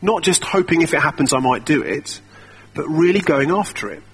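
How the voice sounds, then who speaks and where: A man's voice: a little high, animated, normal speed, breathy edge. A young man preaching a sermon in a conversational, self-deprecating storytelling way.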